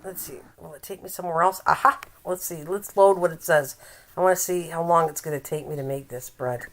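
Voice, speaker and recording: An older woman hosts a casual live-stream chat. She teases her viewers, laughs often and reads a recipe aloud haltingly. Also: deep voice, a little hiss or hum. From Canada.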